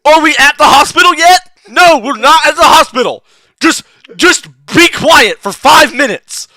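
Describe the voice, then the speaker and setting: A man's voice: very high voice, animated, normal speed, pushed and bright, no echo, voice pushed up, full character voice. A man doing an exasperated adventurer. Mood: snapping. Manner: irritated, snapping. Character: exasperated impatient male adventurer.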